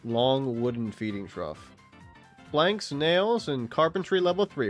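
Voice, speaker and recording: A man in his late twenties gives loose, rambling gameplay commentary, swearing freely and chatting with his viewers and the animals on screen. His voice is middle-pitched but swoops up and down a lot, with faint music running behind him. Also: animated, measured pace. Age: late 20s. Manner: rambling, profane, chatty with chat and game animals. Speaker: streamer.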